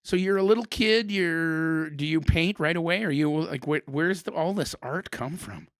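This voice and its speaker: Middle-aged man, podcast host, rambling storyteller, bright forceful voice, dry studio sound. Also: on the high side, normal speed, clean tone, no echo. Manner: rambling, animated, self-interrupting. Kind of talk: casual interview and storytelling.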